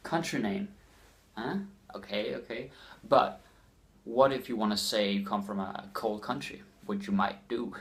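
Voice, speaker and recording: A man with a Danish accent teaching his language in a casual lesson, repeating phrases slowly for learners. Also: on the low side. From Denmark.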